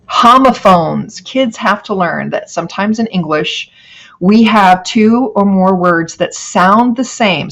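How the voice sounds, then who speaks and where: A middle-aged woman teacher giving a recorded phonics lecture, slowly stretching out example words. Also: on the low side, vocal fry, a bit bright.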